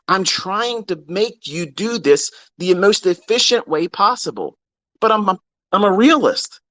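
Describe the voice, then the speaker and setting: A man with a fairly high, very lively voice, swinging up and down as he scolds his listeners in a blunt, profane rant. He sounds close and dry, with no room around him. His delivery stays unscripted and hard-edged throughout. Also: no echo. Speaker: trading mentor. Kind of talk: unscripted rant on a live audio space.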